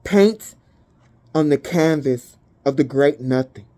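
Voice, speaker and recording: With a bass voice, a female tarot reader delivers a spiritual reading that sounds warm and mellow. She's emphatic and blunt, swears liberally, and reads her lists of keywords at a slow, deliberate pace.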